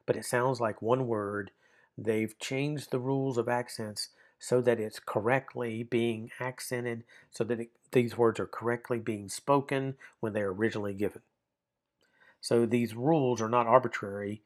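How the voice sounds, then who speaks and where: A man teaching a recorded grammar lesson, reading from a textbook and explaining it in an informal, conversational way with asides to the viewer. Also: mid-range voice.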